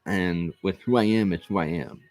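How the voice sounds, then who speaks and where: A man hosting his own video, telling a personal story in an earnest, halting way, often restarting and repeating himself. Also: deep voice, a little mellow. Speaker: vlog host.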